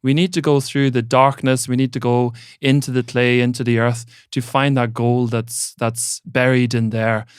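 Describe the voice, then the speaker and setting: Man, mentor, smooth clear voice, reflective and grounded, dry close mic. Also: medium pitch, little pitch movement, moderate pace, few pauses, no room sound. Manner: thoughtful, grounded, swears casually, uses spiritual imagery. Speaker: mentor and coach, podcast guest. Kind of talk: reflective conversational talk.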